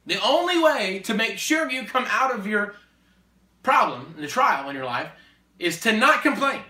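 A man preaching in a conversation, emphatic and repetitive, building to forceful exhortation. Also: high voice, very animated, unhurried. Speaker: Christian speaker. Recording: echoey room, distant mic.

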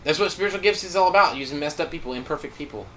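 A man preaching a sermon, telling a story with animated delivery and acted-out quotes. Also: fairly high pitch, very fast, slight background noise.

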